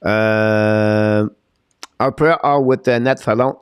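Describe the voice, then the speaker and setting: A man's voice: on the low side, steady tone, takes it slowly, clear, resonant tone. A man, his first tongue, coaching and hosting a live stream. He talks in a fired-up way, repeating his points as he reads viewer chat. The sound is dry and close, with no room echo. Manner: fired-up, repetitive motivational talk.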